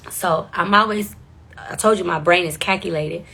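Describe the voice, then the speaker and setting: Gravelly young woman telling her story. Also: fairly low pitch, animated, normal speed, pushed and bright. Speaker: vlogger. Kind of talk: casual storytelling to the camera.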